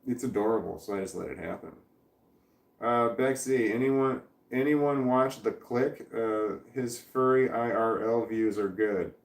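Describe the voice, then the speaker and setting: A man's voice: medium pitch, unhurried, creaky, echoey room, recorded from a distance. A man chatting casually on a live stream, reading chat and thinking aloud in rambling, self-interrupting sentences.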